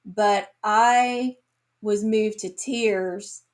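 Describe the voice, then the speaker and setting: A woman reviewing books on her vlog, talking in a slow, earnest and emotional way, tearing up at times. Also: mid-range voice, fairly even intonation. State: tearful. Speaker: book reviewer. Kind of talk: casual book review vlog.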